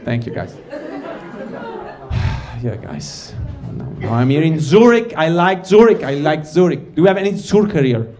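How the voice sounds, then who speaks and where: This stand-up comic from Ticino, Switzerland, is a little high-pitched and a little mellow, with big pitch swings and a measured pace. Performing live on stage, he rambles, interrupts himself mid-sentence and addresses the audience as "guys."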